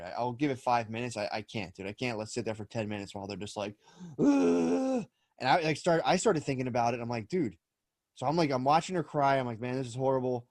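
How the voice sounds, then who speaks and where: A man's voice: medium pitch, a little mellow, dry recording. A man in his thirties, a podcast co-host, telling stories in a rambling, profane way with lots of restarts. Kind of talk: casual chat.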